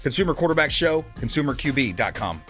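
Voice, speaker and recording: A man hosting a radio talk show in a casual, animated and indignant way. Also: medium pitch, fast talker, faint music behind.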